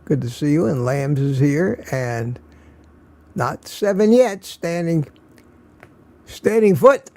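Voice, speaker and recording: A man's voice: fairly high pitch, lively intonation, slow pace, pauses often, darkish tone. Tired older man hosting a live stream. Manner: greets viewers by name, chuckling often. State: tired, slightly slurring. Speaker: livestream host. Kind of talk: casual live-stream chat.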